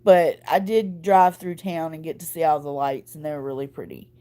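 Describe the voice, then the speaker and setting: A woman's voice: low voice, steady tone, normal speed, mellow. A woman, chatting casually to her viewers in a folksy, rambling way, her voice choked up from earlier crying. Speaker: vlogger.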